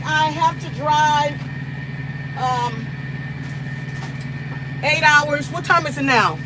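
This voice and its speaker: A woman's voice: high voice, background noise. A woman truck driver chatting casually with her livestream viewers, rambling and talking straight to them with lots of "y'all". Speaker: long-haul truck driver and livestream host.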